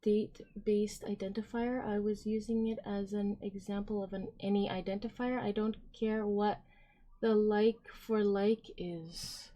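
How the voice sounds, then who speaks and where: Woman streamer rambling thru chat, lots of ums, giggly and casual. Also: mid-range voice. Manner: rambling, filler-heavy, giggly, reads chat aloud. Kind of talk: casual live-stream chat reading comments.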